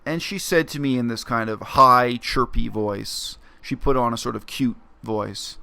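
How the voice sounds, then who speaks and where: A man talking through a story in a reflective, explanatory vlog monologue, with frequent pauses and fillers. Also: medium pitch, gravelly, pushed and bright, clean tone. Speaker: vlogger. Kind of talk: casual spoken monologue.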